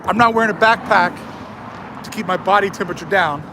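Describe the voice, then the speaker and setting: Guy streaming his walk outside, kinda high voice, jokey and self-roasting, wind noise on the phone mic. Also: quick pace, bright, forceful tone. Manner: joking, self-mocking, mock-motivational. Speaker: live streamer. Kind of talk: live-streamed walking vlog. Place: outdoors on a desert sidewalk, walking. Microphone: phone held in hand. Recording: wind and traffic noise outdoors.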